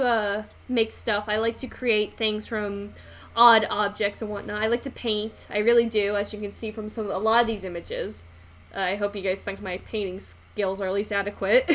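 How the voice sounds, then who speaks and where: A woman's voice: on the high side, fairly bright tone. A young adult woman chatting casually to her live-stream audience in a rambling way, with frequent ums and self-conscious laughs.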